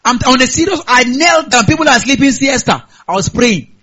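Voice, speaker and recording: A Nigerian man preaching a sermon as a pastor, animated and punctuated with hallelujahs. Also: extremely high pitch, brisk, breathy edge.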